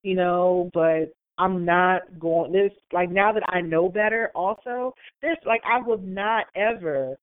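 A woman's voice: lowish voice, unhurried, few pauses, dry recording. A woman chatting casually as a podcast co-host. She tells stories with energy and acts out other people's lines in changed voices. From Maryland, USA. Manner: animated storyteller who acts out quotes in other voices. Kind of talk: casual chat. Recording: dry, tinny phone-like sound.

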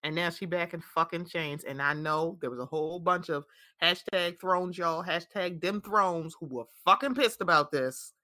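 A woman chatting casually and profanely about a TV episode, animated and full of "I'm like.". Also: fairly low pitch, moderate pace. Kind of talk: casual chat recapping a TV episode.

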